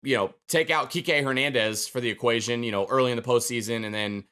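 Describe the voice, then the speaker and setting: A man's voice: mid-range voice, quick pace, bright, forceful tone. A man hosting a casual sports podcast, talking through his thoughts in a conversational way. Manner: conversational, thinking aloud with fillers. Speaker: podcast host.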